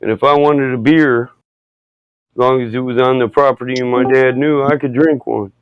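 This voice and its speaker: A man chatting casually on a podcast, telling rowdy stories, swearing often and acting out quoted people loudly. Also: medium pitch, fairly even intonation, normal speed, clear, resonant tone, no echo, dull audio. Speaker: podcast host. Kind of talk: casual chat, storytelling.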